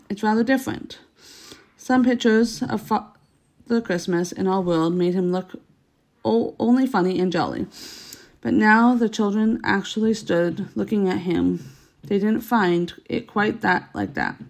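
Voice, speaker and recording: A woman reading a children's story aloud, unpolished, with stumbles and self-corrections. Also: mid-range voice.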